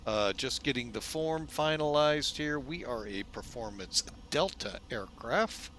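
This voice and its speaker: Chatty man with a bright voice. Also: medium pitch, measured pace. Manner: chatty, folksy, keeps calling viewers "folks"; relaxed, loose delivery with frequent fillers. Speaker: flight simulator video host. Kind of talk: casual narrated simulator walkthrough.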